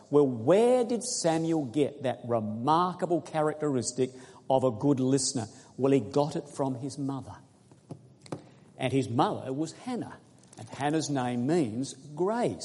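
A man preaching a sermon, quizzing his congregation and reading scripture slowly and earnestly. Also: medium pitch, warm tone. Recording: echoey hall recording.

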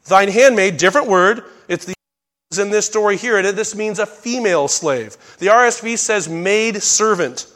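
A middle-aged man preaching a conversational Bible sermon, with folksy asides and sudden loud bursts when he acts out lines. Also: high-pitched, expressive, unhurried. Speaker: pastor teaching a Bible study.

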